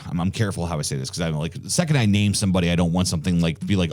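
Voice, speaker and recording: A man co-hosting a podcast in casual chat, eager and quick in bursts, swearing casually. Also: deep voice, darkish tone. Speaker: podcast co-host.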